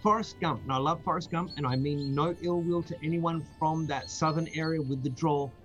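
A man's voice: on the high side, fairly even intonation, brisk, a bit bright, faint music behind, low-quality recording. A man from Australia, chatting casually on a livestream, rambling with many ums and restarts. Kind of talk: casual chat.

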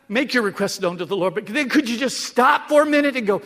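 A man preaching a sermon, dropping to a hush and then rising to shouts. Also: high-pitched, fairly quick, hardly any pauses. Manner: swings from hushed to shouting. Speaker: pastor.

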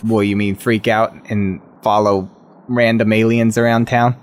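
A man's voice: lowish voice, flat delivery, measured pace. A man in a tabletop role-play, speaking in character as a brash, confused young musician, casual and profane. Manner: casual, profane, street slang. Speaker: player.

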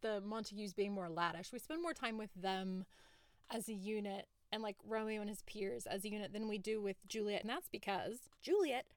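A woman co-hosting a casual film discussion. She talks in an animated way, with laughter and quick asides. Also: mid-range voice, dry recording. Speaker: podcast co-host.

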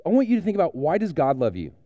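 A man's voice: on the high side, wildly swooping pitch, very fast, warm tone, no echo. A man, a pastor giving a playful, joking children's sermon in a conversational way.

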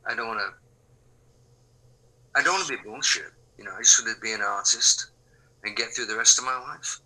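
An older man from England, a musician answering interview questions in a relaxed, rambling way, full of fillers and restarts. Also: on the low side, fairly quick, rough recording. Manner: rambling, frequent fillers and restarts, drops to quiet asides. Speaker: musician guest.

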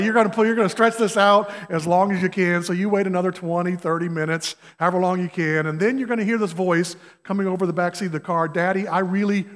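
Conversational man preaching in a reverberant hall. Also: sits high. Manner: conversational, asks the congregation questions, folksy examples. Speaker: guest preacher. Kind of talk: sermon. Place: church sanctuary.

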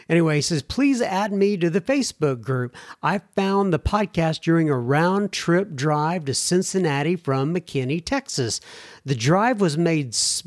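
A man's voice: fairly high pitch, no room sound, studio quality. A man hosting a podcast, reading listener emails aloud and adding chatty, rambling asides. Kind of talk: casual chat.

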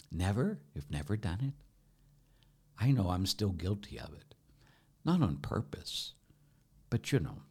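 Man, priest, low voice, earnest, candid, conversational preaching, hushed emphasis. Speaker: Catholic priest and pastor.

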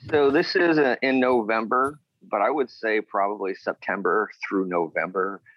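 Low-voiced guy rambling thru old wrestling stories, dry muffled audio. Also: normal speed, dry recording. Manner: rambling, acts out quotes of others. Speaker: former wrestler, guest. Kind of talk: casual storytelling interview.

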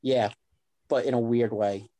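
Male co-host, mid-pitched, easygoing, halting delivery full of fillers. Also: fairly even intonation, mellow. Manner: laid-back, halting, many fillers. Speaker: podcast co-host. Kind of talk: casual chat.

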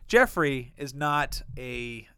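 A man's voice: mid-range voice, expressive, slow, fairly bright tone, clear, resonant tone, no room sound, studio quality. A young man co-hosting a podcast, rambling through profane stories in casual chat. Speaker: podcast co-host.

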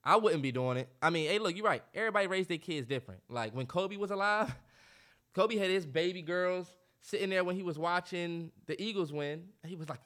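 A man's voice: high voice, fairly quick, a bit bright. A man in his twenties co-hosting a podcast, chatting casually and with lots of profanity, acting out the voices of people he quotes. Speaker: podcast co-host. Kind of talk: casual chat.

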